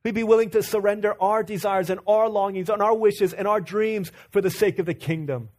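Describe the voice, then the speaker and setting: A preacher with a high voice for a man delivers a sermon like a friendly story. He talks straight to the room, trips over his words, and starts his sentences again. He grew up in Virginia. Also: steady tone, a little fast, a little mellow. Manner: conversational storytelling with restarts, addresses the room as y'all.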